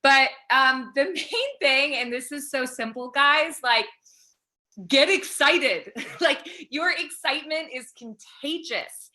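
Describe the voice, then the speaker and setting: A woman in her thirties, a fitness coach talking fast and excitedly as a guest on a call interview. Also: high voice. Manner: excited, fast-flowing, pep-talk energy.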